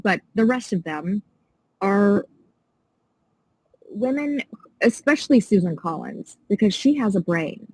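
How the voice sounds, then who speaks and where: Passionate indignant woman with a husky voice. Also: medium pitch, animated, a little slow, pauses often, a little mellow, no room sound, rough recording. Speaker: podcast guest. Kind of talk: casual interview chat.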